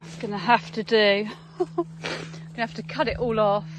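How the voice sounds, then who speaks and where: A British woman vlogging from a motorcycle tour, chatting to camera and calmly talking herself through problems outdoors by the road. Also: mid-range voice, normal speed, slight background noise. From United Kingdom. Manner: chatty, reflective, talks herself through setbacks. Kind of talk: casual chat to camera. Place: outdoors by a roadside.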